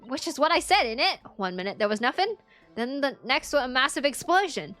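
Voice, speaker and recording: A woman's voice: high voice, big pitch swings, a little fast, fairly bright tone, faint music behind. A woman voicing a brash, cheeky young girl who works as a police inspector, with a put-on Cockney accent and blunt, slangy talk. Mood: indignant.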